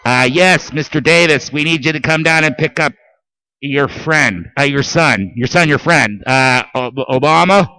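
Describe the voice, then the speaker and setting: A man's voice: fairly high pitch, a little slow, bright, forceful tone, clear, resonant tone, dry recording, pitched below the performer's own voice, low-quality recording. A man voicing a polite male store security guard who speaks in a stiff, formal, apologetic way.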